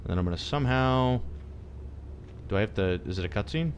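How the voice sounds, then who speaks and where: A young man with a fairly low voice commentating on a horror game. He swings his pitch all over the place, talks to himself nervously and swears a lot. A faint hiss of noise sits behind him. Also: expressive, fairly quick. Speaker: gaming streamer.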